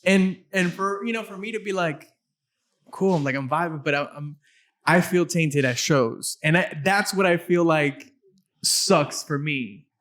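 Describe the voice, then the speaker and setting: A man hosting a relaxed conversation with a guest, his voice sitting a little high for a man. He talks in fits and starts, repeating words and restarting sentences as he works out his thoughts. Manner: halting, many restarts and fillers. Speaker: podcast host. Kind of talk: casual chat.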